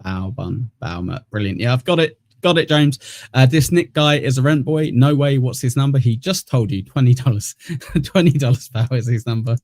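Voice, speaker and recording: A young man co-hosts a casual clip-review show, cracking crude jokes and laughing between lines. His voice sits at a middle pitch and is recorded dry and close, with no room sound. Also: animated, moderate pace, darkish tone, no echo. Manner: laughs often, teasing and crude, reads out donations. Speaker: podcast co-host. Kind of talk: crude casual banter reacting to clips.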